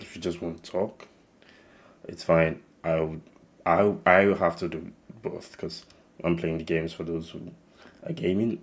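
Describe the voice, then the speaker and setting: Young man, Nigerian-tinged accent, very deep voice, monotone, rambling casual channel intro. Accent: Nigerian English mixed with slight American. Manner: rambling, many restarts and fillers. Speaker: channel host.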